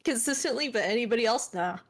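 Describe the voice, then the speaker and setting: Joking woman co-host, slightly high voice. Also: lively intonation, quick pace, a bit bright. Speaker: co-host friend. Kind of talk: casual chat on a live stream.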